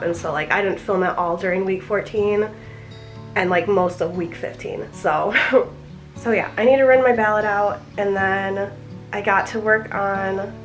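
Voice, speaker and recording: A woman's voice: mid-range voice, rough recording. A young woman chatting casually in a vlog, slightly out of breath, filling her talk with "like". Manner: chatty, fills with "like" constantly. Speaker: vlogger.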